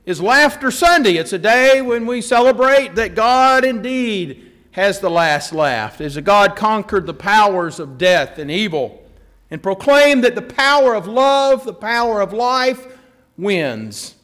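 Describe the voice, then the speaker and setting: A man's voice: high-pitched, sing-song, measured pace, fairly bright tone. A man pastor giving a conversational sermon, telling a joke with self-deprecating asides.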